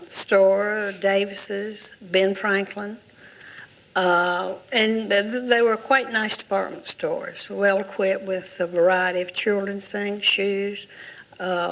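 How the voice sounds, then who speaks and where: An older woman reminiscing as a panel guest, listing details in a measured way with small hesitations. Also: medium pitch, creaky, a bit bright, poor audio. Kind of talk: casual reminiscing.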